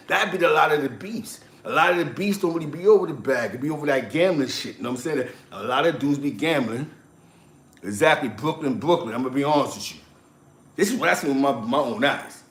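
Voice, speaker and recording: A man's voice: a little high, a little fast. A man telling street and prison stories in casual chat, acting out other people's lines with lots of laughter. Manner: animated, laughing, acts out quotes. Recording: echoey room.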